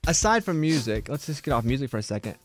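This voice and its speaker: A man's voice: mid-range voice, sing-song, faint music behind. A man from Arkansas hosting a radio show, chatting casually and steering the talk in a studio. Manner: chatty, quick, steering the conversation. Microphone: studio microphone.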